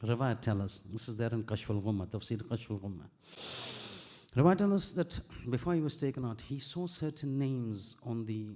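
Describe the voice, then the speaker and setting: A man giving a religious sermon. He narrates a sacred story earnestly and steadily, quoting scripture and reciting Arabic verses rapidly. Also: medium pitch, dark tone. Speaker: preacher.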